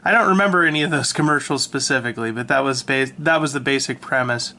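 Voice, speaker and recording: A man casually talking through his old sketchbook, relaxed and self-mocking, with lots of ums and restarts, recorded on a handheld camera. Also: medium pitch, fast talker. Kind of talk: casual rambling commentary. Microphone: handheld camera mic.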